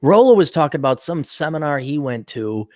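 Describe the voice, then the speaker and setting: A male podcast host in casual chat, an animated storyteller who acts out the people he quotes. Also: a little high, fairly quick, dry recording, studio quality.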